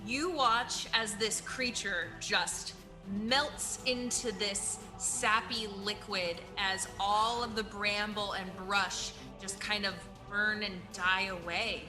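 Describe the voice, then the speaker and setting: A woman's voice: medium pitch, fairly even intonation, slow pace, few pauses, over music. A woman narrating as game master of a tabletop game, playful and vivid in her descriptions.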